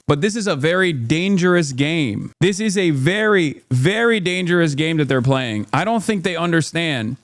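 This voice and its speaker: A high-pitched man talks over clips on his stream, blunt and incredulous, ranting in quick bursts. His voice sits close and dry, with no room around it. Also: dry recording. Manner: animated, blunt and incredulous, rapid rants. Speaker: streamer reacting to news clips. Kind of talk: casual political commentary.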